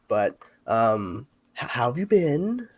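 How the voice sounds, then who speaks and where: A man hosting a casual livestream chat, talking in quick asides. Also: medium pitch, very animated, darkish tone, slightly rough, dry recording. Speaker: host.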